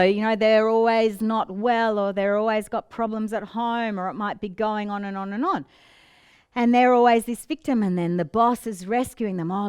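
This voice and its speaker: A woman's voice: fairly high pitch, a little mellow, clear, resonant tone, dry recording, studio quality. A middle-aged woman coach explaining relationship patterns in a teaching monologue, often slipping into quoted voices. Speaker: business coach.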